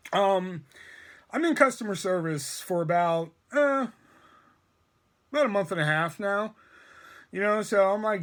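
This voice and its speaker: A man with a noticeably high-pitched voice tells a long story in a loose, rambling way. He swears constantly and leans hard on his words for emphasis. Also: fairly bright tone. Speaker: storytime vlogger. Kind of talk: casual storytelling rant.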